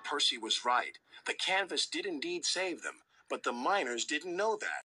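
A man reading a storybook in an expressive, lively voice, his pitch moving a lot. His voice sits a little high, and music plays underneath. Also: moderate pace, husky, low-quality recording. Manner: expressive, voices many figures. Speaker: narrator. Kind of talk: storybook narration.

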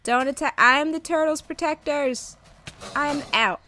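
A woman's voice: high-pitched, normal speed, background noise. A young woman giving casual, sarcastic let's play commentary, talking to the game's creatures as she plays. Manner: animated, sarcastic, talks to game creatures.

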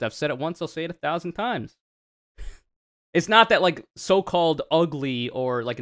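Young man, streamer, casual reaction chat, swears a lot, animated pitch, dry close sound. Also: no room sound. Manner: profane, joking, rambling.

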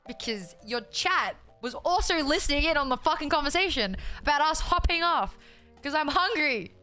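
Faint music sits behind a young Australian streamer as she reads her chat aloud and talks with viewers. Loud and profane, she sounds exasperated and keeps laughing, her high voice lively in intonation at a moderate pace.

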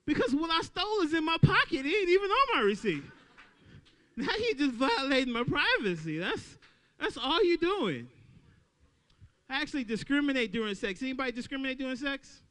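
A man doing a stand-up comedy set at an open mic, talking loudly and playing out little voices for the crowd. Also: very high-pitched, fairly quick. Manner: loud, animated crowd work with acted-out voices.

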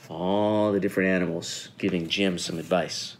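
A middle-aged man reading a children's picture book aloud in a friendly, animated storytelling manner. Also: low voice, moderate pace, hardly any pauses. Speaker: guest reader.

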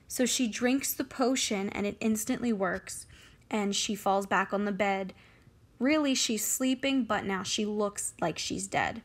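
A woman's voice: medium pitch, measured pace. A woman teacher who reads a play aloud to her class and explains it in plain, casual terms.

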